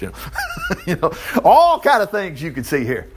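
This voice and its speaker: A man's voice: a little high, wildly swooping pitch, a little fast, a little hiss or hum. A man leading an informal Bible study, reading passages aloud and breaking in with chatty asides and rhetorical questions. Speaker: Bible teacher.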